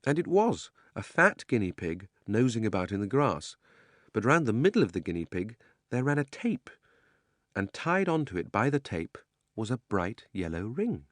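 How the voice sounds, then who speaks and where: A man narrating a children's audiobook in a measured, expressive reading. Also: lowish voice, dry recording, studio quality. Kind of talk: scripted storybook narration.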